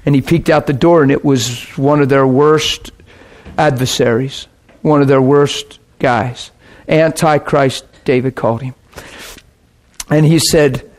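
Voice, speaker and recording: A man preaching a sermon, telling a story in a folksy, animated way and slipping into the voices of the people he quotes. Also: medium pitch, moderate pace.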